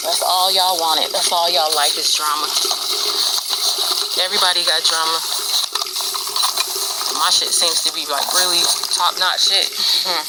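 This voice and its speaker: A woman's voice: fairly low pitch, steady tone, a little slow, long pauses. An upset woman venting bluntly and with heavy profanity to her viewers, recorded on a cheap phone. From United States. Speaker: vlogger. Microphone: low-budget phone. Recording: loud background noise on a cheap phone.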